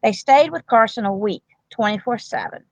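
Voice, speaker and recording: A woman's voice: mid-range voice, expressive, moderate pace, dry recording, poor audio. A woman, a grandmother and medical provider, talking earnestly and at length in a casual interview, with many restarts. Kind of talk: emotional casual interview talk.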